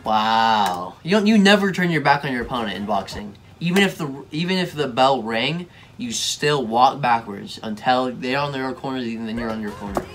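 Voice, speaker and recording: A man's voice: medium pitch, expressive, normal speed, fairly bright tone, faint music behind. A young man giving casual reaction commentary, slangy, mocking and easily exasperated. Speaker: video reactor.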